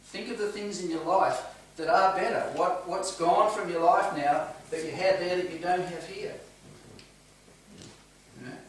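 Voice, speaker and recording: A man's voice: sits high, measured pace, very echoey. Man, Bible study leader, earnest, quizzes the group, distant mic, faint room hum. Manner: earnest, asks the group questions. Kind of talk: interactive Bible teaching. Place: home church room.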